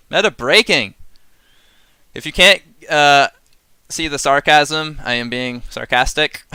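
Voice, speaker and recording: A man's voice: medium pitch, pushed and bright, clean tone, no room sound. A man giving casual live-stream commentary on a card game set, chatty and sarcastic, often laughing and working himself up into mock rants.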